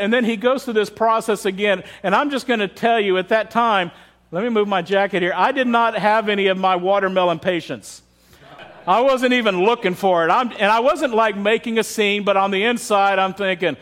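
A male pastor with a high voice delivers a sermon full of candid, funny stories about his own shortcomings. His tone is brisk and fairly bright, and his frank, conversational style pulls the congregation in.

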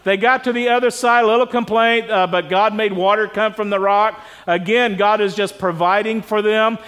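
This pastor's voice is high, steady, clean, and a bit bright, moving at a moderate pace. He preaches in a relaxed, conversational way during a church service, frequently putting questions to the congregation.

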